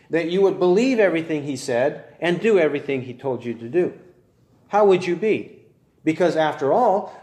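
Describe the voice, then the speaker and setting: A man preaching a sermon, building his points through earnest, measured rhetorical questions. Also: high voice, darkish tone, echoey room.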